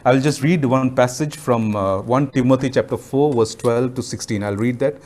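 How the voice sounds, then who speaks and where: A young man from Nigeria preaching a sermon, fervent, with slow emphatic phrases and frequent hallelujahs. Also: medium pitch, darkish tone.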